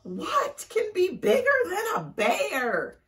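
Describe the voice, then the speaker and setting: A woman voicing a panicky wolf, loud and frantic. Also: very high voice, huge pitch swings, slow pace, distant mic, voice pushed up, heavily acted. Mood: panicked. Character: panicky wolf fleeing danger.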